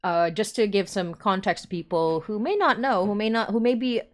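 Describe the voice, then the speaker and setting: A woman's voice: medium pitch, normal speed. A woman hosting a podcast interview, talking casually with lots of fillers and frequent laughter. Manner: chatty, laughs often, many fillers. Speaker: podcast host.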